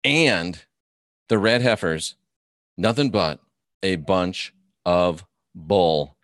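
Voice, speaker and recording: Speaking very slowly in a low-pitched yet fairly bright voice, a live-stream host comes through with clean, echo-free studio sound. Combative and mocking, he rails against his opponents and reads chat comments out loud.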